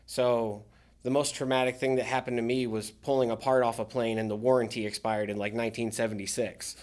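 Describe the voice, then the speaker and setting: A man's voice: mid-range voice, level tone, brisk, darkish tone. A man speaking as a podcast guest, a military veteran talking candidly about his recovery with dry sarcastic humor. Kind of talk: candid casual interview talk.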